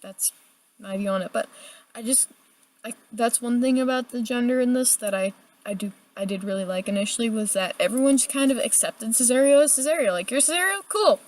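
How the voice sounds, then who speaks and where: A woman's voice: fairly high pitch, brisk. Chatty young woman reviewing a play. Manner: chatty and animated, full of "like" and casual swearing. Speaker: book reviewer. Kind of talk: casual video review.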